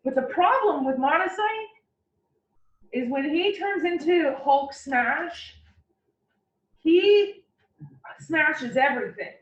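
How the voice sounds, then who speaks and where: A woman anatomy instructor giving a classroom lecture, explaining with playful, animated analogies. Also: high-pitched, slow, pauses often. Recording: roomy, distant, dull lecture recording.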